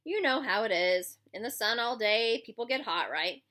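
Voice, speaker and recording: A woman reading aloud, voicing a teenage boy leader with a smooth, placating way of talking. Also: a little high, lively intonation, normal speed, bright, forceful tone, pitched above the performer's own voice.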